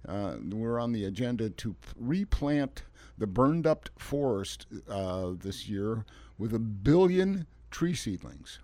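A man's voice: lowish voice, animated, slow pace, warm tone, no echo. A man hosting a local radio garden show, chatting in a folksy, rambling way with chuckles and restarts. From Oregon. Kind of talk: casual radio talk show chat.

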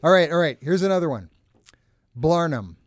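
A man's voice: a little high, very animated, moderate pace, dry recording. A man guesting on a radio show, running a teasing word game in an upbeat way. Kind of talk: casual radio show banter.

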